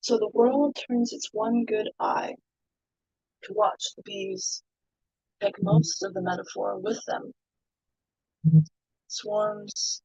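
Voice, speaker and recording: A woman reading her poetry at an online open mic, slow and soft, out of breath, then chatting with fillers. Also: mid-range voice, creaky, slightly rough, no room sound, lo-fi sound. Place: home, online video call.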